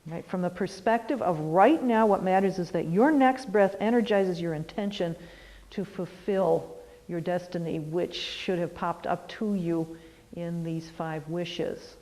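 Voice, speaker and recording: A middle-aged woman yoga teacher guiding a lesson, gently encouraging and often checking in with "all right". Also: lowish voice, measured pace, big-room sound, rough recording. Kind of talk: guided lesson on goals and mantra practice.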